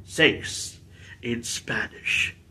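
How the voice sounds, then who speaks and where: A man's voice: extremely slow, pushed and bright, a little hiss or hum. A man hosting a video game playthrough in a rambling, giggly, self-deprecating way. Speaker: let's play host. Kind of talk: casual gameplay commentary.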